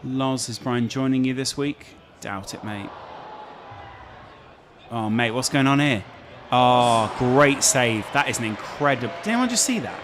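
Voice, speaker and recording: This is a man at medium pitch, unhurried and lively in his intonation, hosting a live match watch-along. He chats, banters and cries out when big moments hit, with a loud crowd audible behind him.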